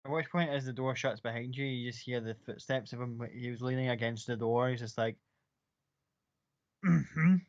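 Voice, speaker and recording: A man's voice: medium pitch, steady tone, fairly quick, few pauses. A man narrating a tabletop game as game master, in a casual way full of fillers and swearing. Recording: dull lo-fi sound.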